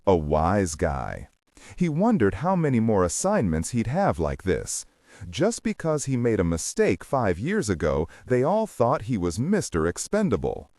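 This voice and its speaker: A man narrating a thriller audiobook in an expressive storytelling manner. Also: on the low side, a little slow, no echo, clean studio sound. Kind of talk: scripted narration.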